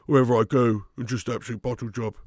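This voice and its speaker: A man putting on a nasal young footballer who mumbles in a flat, filler-filled monotone. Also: medium pitch, fast, dry recording, clean studio sound, natural voice. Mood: deadpan.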